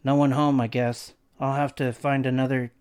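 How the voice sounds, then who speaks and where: A man's voice: mid-range voice, little pitch movement, normal speed, a little mellow, smooth, close to an everyday voice. A man voicing a brash, mocking teenage boy who likes pranks.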